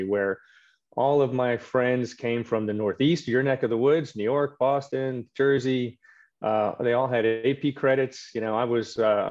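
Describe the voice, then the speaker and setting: A middle-aged man tells career stories quickly and with self-deprecating humor. His voice sits in a middle pitch, and the recording sounds slightly muffled. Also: darkish tone. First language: French. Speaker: guest, orthopedic surgeon. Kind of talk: casual interview chat.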